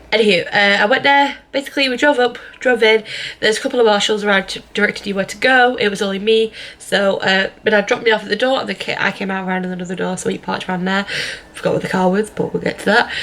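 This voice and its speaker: Bright-voiced rambling young woman. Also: mid-range voice. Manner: rambling, chatty, many fillers and restarts. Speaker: vlogger. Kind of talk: casual vlog chat.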